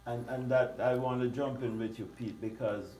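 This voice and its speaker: A man's voice: mid-range voice, steady tone, normal speed, darkish tone. A man speaking earnestly and reflectively as a panel guest. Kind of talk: casual panel discussion. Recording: roomy echo.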